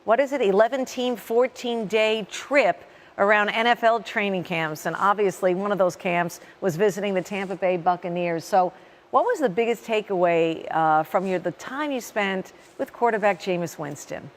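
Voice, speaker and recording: A woman hosting a sports interview, asking her guest brisk, prompting questions. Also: medium pitch. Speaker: host.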